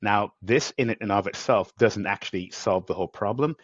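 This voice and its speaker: Male podcast host, lowish voice, enthusiastic and rambling, dry dull remote sound. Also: moderate pace, no room sound. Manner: enthusiastic, rambling, acts out quotes. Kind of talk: conversational interview.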